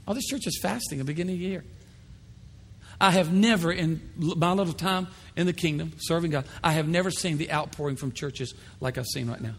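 A man preaching a lively sermon as pastor, acting out the voices of other people in bursts. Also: on the high side. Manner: animated, acts out voices of others. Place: church sanctuary. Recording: long hall reverb.

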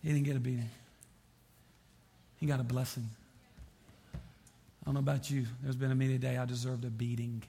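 A man preaching a sermon as pastor, repeating phrases and swinging from quiet to impassioned. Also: medium pitch, little pitch movement, moderate pace, creaky, long pauses.

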